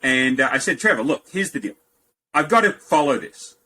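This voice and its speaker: A man in his fifties with an Australian accent, a podcast guest telling lively anecdotes and jumping up in pitch for quoted lines. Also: moderate pace, a little hiss or hum, low-quality recording. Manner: animated anecdotes, jumps high for quoted lines. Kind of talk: storytelling in a podcast interview.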